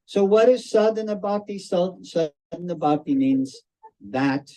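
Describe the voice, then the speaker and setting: Slow-talking older man giving a devotional talk. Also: high voice, expressive, dark tone, low-quality recording. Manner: slow, storytelling, repeats and restarts phrases. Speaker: spiritual teacher. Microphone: video call.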